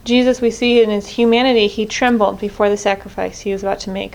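A woman's voice: medium pitch, little pitch movement, fast, gravelly, darkish tone, a little hiss or hum. A woman leading a group prayer reflection in an earnest way, often restarting and correcting herself mid-sentence. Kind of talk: spoken reflection on scripture.

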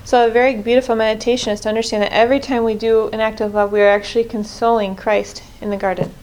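Woman, fairly high voice, earnest, leads a prayer group, reflects on scripture, corrects herself often. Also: flat delivery, fast, darkish tone. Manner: earnest, self-correcting, restarts mid-sentence.

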